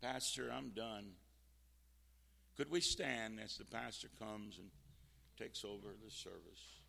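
A man preaching a fervent sermon as a visiting preacher, swinging from shouts to quiet talk. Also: on the low side, slow, gravelly, breathy edge, in a large hall.

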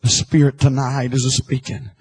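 A man preaching an impassioned sermon, swinging from hushed, quiet lines to loud, shouted ones. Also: medium pitch, little pitch movement, moderate pace, breathy edge, poor audio.

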